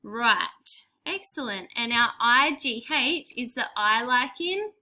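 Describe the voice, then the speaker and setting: A young woman teaching spelling to small children, talking slowly and clearly. Her voice is bright and sits fairly high, full of praise and gentle prompts. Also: lively intonation. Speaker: primary school teacher.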